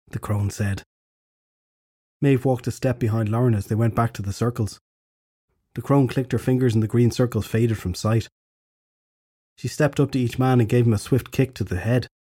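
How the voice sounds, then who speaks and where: A man narrates a fantasy story in a steady, measured way. His voice is mellow and husky, and it sits at a middle pitch. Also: no room sound, clean studio sound. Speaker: audiobook narrator. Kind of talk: scripted narration.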